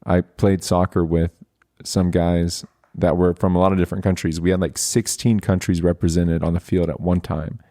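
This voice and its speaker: A man hosting a podcast, talking in a relaxed, chatty way and laughing easily. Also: low voice, moderate pace. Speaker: podcast host. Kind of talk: casual conversation.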